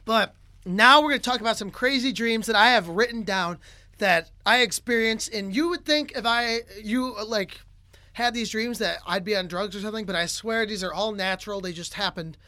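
A man co-hosting a casual podcast, telling a story in an animated way with many fillers. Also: sits high, moderate pace, dry recording. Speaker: podcast co-host.

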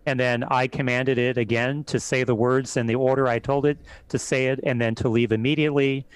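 A man, a priest, calmly recounting events as an interview guest in a measured way. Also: mid-range voice, clear, resonant tone, no room sound, low-quality recording. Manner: calm, measured retelling. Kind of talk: interview storytelling.

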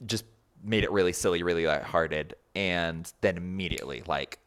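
A man's voice: deep voice, normal speed. A man, a podcast guest on a remote call, telling a story in a casual, rambling way full of likes and you-knows. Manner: rambling, animated, filler-heavy with many likes and you-knows.

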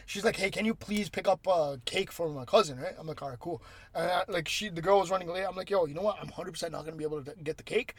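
A young man hosting a casual podcast, telling crude, animated stories among friends. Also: high-pitched, fast talker. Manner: crude, animated storytelling with laughs. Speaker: podcast host.

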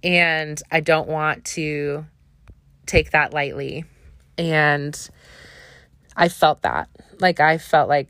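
A woman's voice: low-pitched, slow, dry recording. A young woman hosting a podcast, talking earnestly and searchingly about faith, with frequent "like" and "um". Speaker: podcast host. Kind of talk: personal reflective podcast monologue.

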